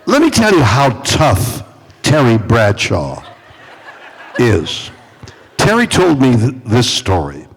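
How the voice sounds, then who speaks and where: A man in his eighties, a celebrity guest at a fan convention, tells stories with dramatic pauses and playfully teases fans. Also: medium pitch, huge pitch swings, slightly rough. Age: 80s. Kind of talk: animated storytelling on stage. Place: large convention hall. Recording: long hall reverb from a convention stage.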